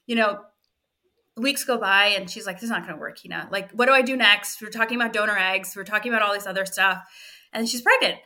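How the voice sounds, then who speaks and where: A middle-aged woman, a fertility physician assistant, telling an emotional story on a podcast in lively reported speech. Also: mid-range voice. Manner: animated, frequent "I was like" reported speech.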